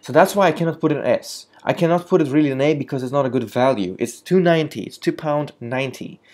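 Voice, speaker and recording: Speaking fast in a slightly high, somewhat mellow voice, a man living in London rates coffee shops in a casual talk to camera. He hesitates a lot, filling gaps and restarting, and perks up on "moving on".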